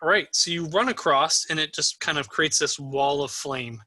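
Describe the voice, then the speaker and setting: A man runs a tabletop game as game master, his voice very bright and a touch high. He talks in an easygoing way with plenty of fillers. The sound is dry and close. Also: moderate pace, no room sound, rough recording. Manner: easygoing, with many fillers, still learning the player names.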